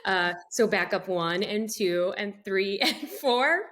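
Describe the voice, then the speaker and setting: A middle-aged woman, a guest author, telling a personal story in a podcast interview with animated delivery and frequent laughter. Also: medium pitch, slow pace.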